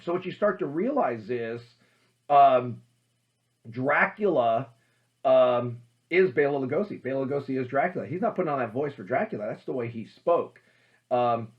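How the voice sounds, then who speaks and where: A man hosting a casual talk about old horror films, emphatic and animated, with many fillers. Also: medium pitch, highs cut off. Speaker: host.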